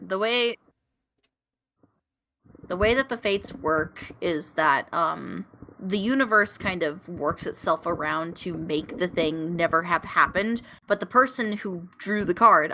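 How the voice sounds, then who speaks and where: A woman's voice: on the low side, normal speed, sharp tone, a little hiss or hum. A woman player carefully explaining rules in casual tabletop game chat.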